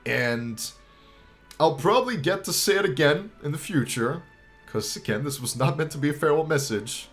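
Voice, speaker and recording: A young man giving a heartfelt farewell to his viewers, choked up and halting, pausing and restarting, with casual swearing. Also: fairly high pitch, expressive, faint music behind. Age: young adult. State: choked up, near tears. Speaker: YouTuber.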